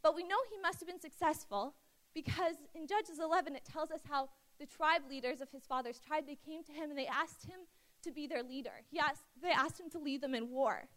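A woman's voice: high-pitched, fairly quick. A young woman preaching a sermon in a conversational way, reading scripture and acting out the people in the story. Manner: conversational, acts out quotes with lively asides. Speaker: youth speaker.

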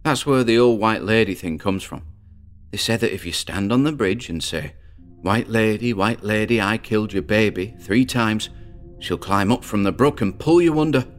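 A man's voice: on the low side, normal speed, faint music behind, lightly acted. A man playing a cocky teenage boy telling a ghost story. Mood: spooky. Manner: boastful, building suspense.

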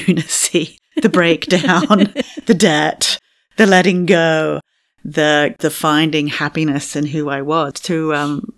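A middle-aged woman, a fertility coach, telling her story candidly in an interview, animated and giggly, acting out her own past thoughts. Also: sits low.

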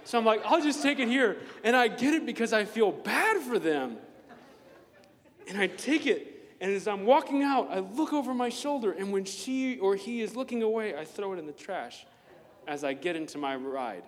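Animated preacher in an echoing hall. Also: male voice, high-pitched, normal speed. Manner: animated, playful, acts out voices in his stories. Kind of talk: sermon with personal stories.

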